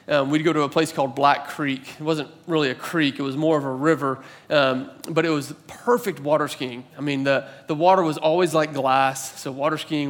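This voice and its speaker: A man in his thirties preaching a sermon, telling a personal story in a conversational, animated way with filler words. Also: on the high side. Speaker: pastor.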